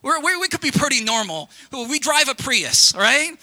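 A young man preaching a sermon as pastor, talking straight to the congregation in a lively, conversational way with quick asides. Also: very high-pitched, no echo.

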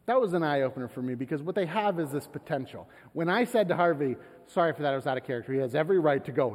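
Animated pastor in a reverberant hall. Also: male voice, on the high side, quick pace, few pauses. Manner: conversational, animated storytelling with laughs. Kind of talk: sermon with personal story. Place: church sanctuary. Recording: long church hall reverb.

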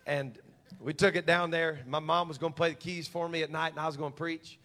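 A man's voice: a little high, steady tone, a little fast, a bit bright. A man in his forties preaching a sermon as a humorous, folksy story. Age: 40s.

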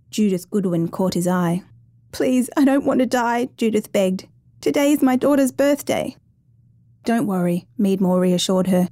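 Mellow-voiced woman narrating a true story. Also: mid-range voice, no room sound. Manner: measured, suspenseful reading.

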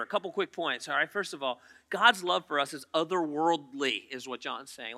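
A man preaches a sermon to his church in a high-pitched voice. His tone is crisp and very bright, almost piercing. He keeps it conversational, turning to the congregation with quick questions. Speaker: pastor. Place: church auditorium.

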